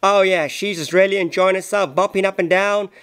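Playful man with a high voice. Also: brisk, smooth. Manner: playful, excitable, running commentary. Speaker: voice-over narrator. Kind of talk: comic voice-over commentary.

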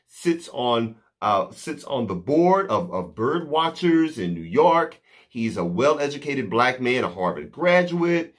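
A man delivering an impassioned, indignant monologue to camera, slow and emphatic with pauses. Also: medium pitch, fairly bright tone. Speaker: vlogger.

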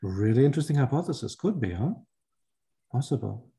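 Mellow-voiced man musing aloud. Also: mid-range voice, lively intonation, a little fast, gravelly. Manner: thinking aloud, hesitant, self-correcting. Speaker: reading group leader. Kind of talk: casual group discussion.

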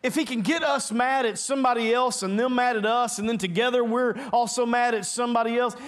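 A man's voice: extremely high pitch, fairly even intonation, fairly quick, a bit bright. A man preaching a sermon as pastor in a church, earnest and emphatic, often restarting words as he presses his point. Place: church sanctuary.

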